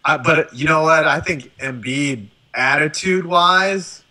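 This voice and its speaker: A man hosting a casual sports chat, talking in an animated, profane way and often tossing in "right?". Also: fairly high pitch, measured pace, rough recording. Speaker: show host.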